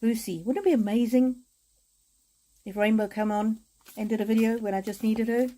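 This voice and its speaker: A woman chatting with viewers on a live stream as an oracle card reader, speaking in gentle, repetitive affirmations with frequent hesitations. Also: a little high, steady tone, normal speed, poor audio.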